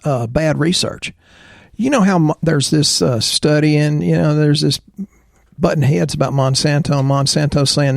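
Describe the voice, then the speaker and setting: A middle-aged man with a gravelly, fry-edged voice chats on a health podcast, opinionated and full of jokes and stories. He is recorded close and dry, with no room sound. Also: a little high, moderate pace, no room sound. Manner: opinionated, jokey, tells anecdotes. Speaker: podcast host, chiropractor. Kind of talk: casual health podcast chat.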